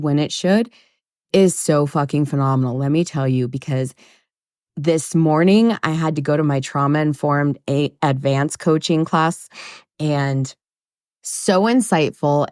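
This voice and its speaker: A woman with a low voice hosts a self-help podcast in a blunt, swearing, emphatic monologue. She pokes fun at herself as she goes. The recording is dry and close to the mic. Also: no room sound. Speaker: podcast host.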